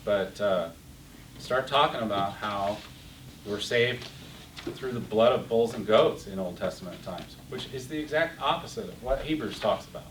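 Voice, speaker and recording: Leading an interactive Bible class, this middle-aged man speaks at a moderate pace in a lowish voice, getting passionate and worked up and repeating himself. Faint hiss and a roomy, distant sound mark the recording.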